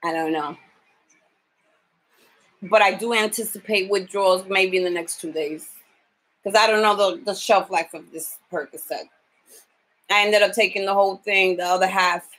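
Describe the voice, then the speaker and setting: A woman's voice: mid-range voice, fairly even intonation, moderate pace, long pauses, a bit bright, rough recording. A woman caregiver talking in a casual video diary. She is tired from lack of sleep and talks bluntly, swearing freely as she vents. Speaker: home caregiver.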